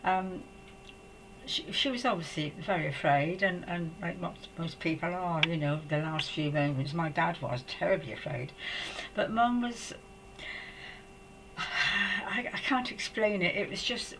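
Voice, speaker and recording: Halting older woman telling stories. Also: lowish voice, a bit bright, a little hiss or hum, poor audio. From England. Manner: halting, hesitant, with frequent restarts. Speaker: psychic storyteller. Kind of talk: personal storytelling to camera.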